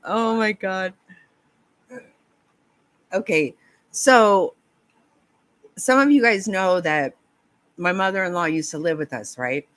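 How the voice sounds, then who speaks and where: Slow-talking woman, laughing and swearing. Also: on the low side, lively intonation, no room sound. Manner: laughs often, swears, rambling and flustered. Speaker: streamer chatting with viewers. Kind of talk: casual live chat.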